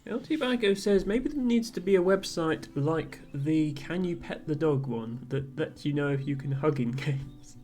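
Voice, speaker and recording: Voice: mid-range voice, lively intonation, moderate pace, few pauses, warm tone, faint music behind. A streamer playing a game live, chatting casually and amused while reading chat messages aloud.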